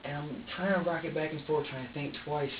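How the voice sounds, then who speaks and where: A man's voice: fairly high pitch, steady tone, slight background noise. Upset guy rambling and cursing in an interrogation room, muffled roomy cam audio from far off. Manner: halting and repetitive, swearing often. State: distressed. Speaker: interrogation suspect. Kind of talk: emotional confession under questioning. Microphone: security camera from a distance. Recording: dull roomy distant security-camera audio.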